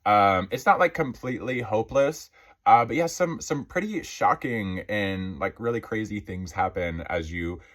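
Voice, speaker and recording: A man's voice: fairly low pitch, normal speed, fairly bright tone. A man chatting casually about books he loved, a little out of breath as he gets over being sick, filling his talk with lots of "like" and "um". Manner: rambling, filler-heavy, many "like" and "um". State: out of breath, recovering from illness. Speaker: book reviewer. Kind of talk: casual book review chat.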